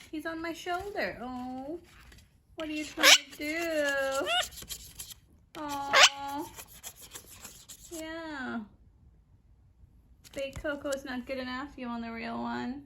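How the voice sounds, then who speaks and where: A woman's voice: high-pitched, very noisy. A woman at home talking baby talk to her pet parrots. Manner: sing-song baby talk to birds. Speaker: pet owner. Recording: loud parrot squawks behind.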